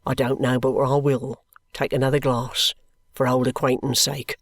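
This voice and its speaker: A reader voicing an idle, touchy young man who speaks in a slow, grumbling way. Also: medium pitch, flat delivery, dry recording, close to an everyday voice.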